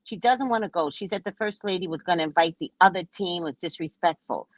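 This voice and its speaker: A woman's voice: on the low side, fairly quick, no echo, low-quality recording. A woman chatting casually with viewers on a home live stream, reading their comments aloud and answering them. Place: at home by the kitchen table.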